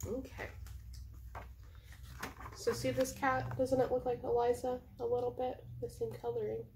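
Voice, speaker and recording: A woman librarian reading a picture book aloud slowly and coaxing her pets in a gentle voice. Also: a little high, little pitch movement, a little hiss or hum. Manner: slow, drawn-out reading of the story lines. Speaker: children's librarian.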